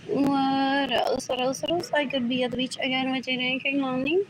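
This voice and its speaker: A higher-pitched woman rambling through a live stream from her apartment. She repeats the same short question over and over in a low mutter and drifts between English and Spanish. The recording has a steady background hiss. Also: normal speed. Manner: switches between English and Spanish mid-sentence. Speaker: livestreamer. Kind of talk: rambling livestream monologue.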